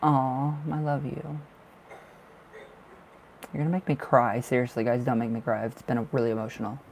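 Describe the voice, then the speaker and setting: A man's voice: medium pitch, little pitch movement, normal speed, vocal fry, a little mellow, a little hiss or hum. A man giving live tarot readings on a stream, chatty and reassuring, full of fillers and emotion. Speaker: tarot reader.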